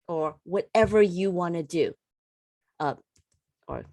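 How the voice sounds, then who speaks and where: A woman holistic coach giving a casual motivational talk, animated and repeating words for emphasis. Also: medium pitch, measured pace, no echo, studio quality.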